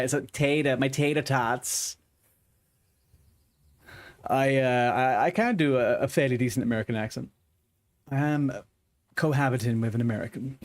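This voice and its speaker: Young man, game streamer, mid-pitched voice, casual joking chat, rambling asides. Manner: joking, rambling, chatty with viewers. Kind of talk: casual chat while gaming.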